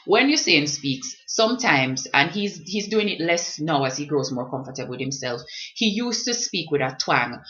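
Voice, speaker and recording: A young woman from Jamaica with a Kingston middle-class Jamaican accent, chatting reflectively to camera as a student vlogger. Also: low-pitched. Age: young adult. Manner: chatty, reflective, with quick lively rises. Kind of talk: casual talk to camera. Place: at home in a squeaky chair. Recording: slightly dull lo-fi sound.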